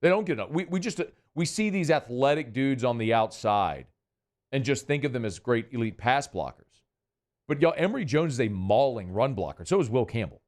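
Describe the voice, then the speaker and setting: A middle-aged man hosting a sports talk radio show, chatting in a folksy way straight to his listeners. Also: mid-range voice.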